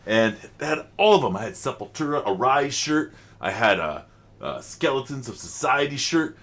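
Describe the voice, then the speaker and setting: A man's voice: medium pitch, expressive, moderate pace, fairly bright tone. A middle-aged man, rambling chattily as he hosts a reaction vlog. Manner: rambling, chatty, frequent fillers. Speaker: channel host reacting to music.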